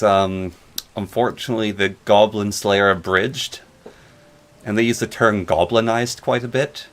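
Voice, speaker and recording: A man casually rambling and joking while narrating his gameplay. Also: lowish voice. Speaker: gaming channel host.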